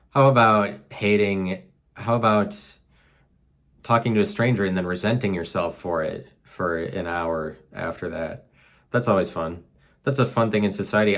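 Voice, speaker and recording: Man with a very low voice, solo podcast monologue, rambling and musing, lots of fillers. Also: a bit bright. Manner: musing, filler-heavy, self-mocking. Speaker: podcast host. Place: apartment room.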